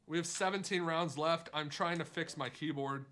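Young male streamer, high bright voice, rapid swings from muttering to yelling, live gambling commentary. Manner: excitable, swings from muttering to shouting and swearing.

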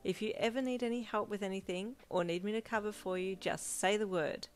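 A woman voicing a bubbly, excitable female best friend in a fanfiction reading, talking high and fast with excitement. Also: close to an everyday voice. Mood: encouraging.

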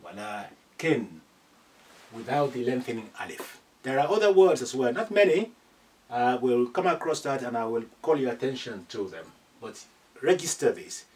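Male Arabic teacher, mid-pitched, patient repeater, recorded at a distance. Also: sing-song, a little mellow. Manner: patient, repeats phrases slowly for learners. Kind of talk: classroom lesson.

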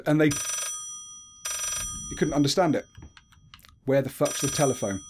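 A man's voice: fairly high pitch, takes it slowly, long pauses, darkish tone, slight background noise. A young man giving casual commentary as he plays a horror game. He talks to himself, gets jumpy and swears often. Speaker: gaming video creator.

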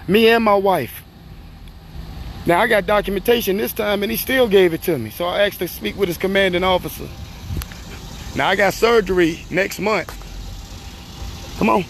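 An agitated, tearful man, recording himself on a phone outdoors. He repeats himself, swears and rises to shouting. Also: high-pitched, normal speed, pauses often, slight background noise. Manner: distressed, repetitive, profane, rising to shouting. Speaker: upset citizen filming himself. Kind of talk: emotional phone video rant. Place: outdoors on a street by a car.

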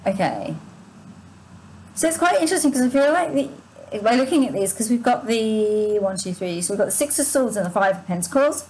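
Halting, breathy-throated woman tarot reader. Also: on the high side, very animated, darkish tone, a little hiss or hum, rough recording. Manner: halting and searching, full of restarts and asides to viewers; sighs and yawns while reading. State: sore throat, short of breath. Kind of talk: spontaneous spiritual reading to viewers.

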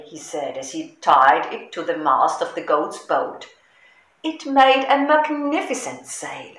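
A middle-aged woman reading a children's picture book aloud in a slow, expressive storytelling manner. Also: fairly low pitch. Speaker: storybook reader. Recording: echoey room.

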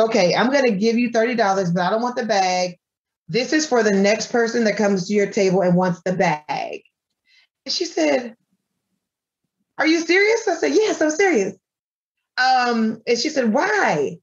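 A woman, a small food business owner, telling an animated story in an interview and acting out the dialogue of the people in it. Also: mid-range voice, highs cut off. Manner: animated, acts out quoted dialogue with her voice. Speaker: guest, granola business owner.

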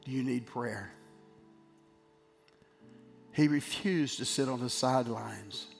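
A middle-aged male pastor preaches in a mid-pitched voice, swinging between forceful emphasis and hushed storytelling. His words ring out with a long church reverb, and soft music plays faintly underneath. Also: creaky. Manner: emphatic preaching that drops to a quiet, tender storytelling tone. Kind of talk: sermon. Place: church sanctuary.

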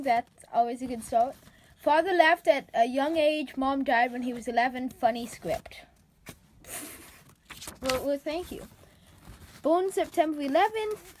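A woman reading out written feedback in a dry, sarcastic comedy vlog, sounding out misspelled words. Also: high voice. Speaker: comedy vlogger.

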